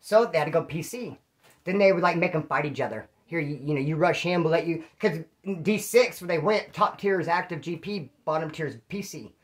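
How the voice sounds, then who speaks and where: A man's voice: fairly high pitch, animated, fairly quick. A man from California, a former prisoner, telling stories in casual slang and cursing, acting out what people said as he answers viewer questions. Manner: slangy and profane, acts out quoted speech.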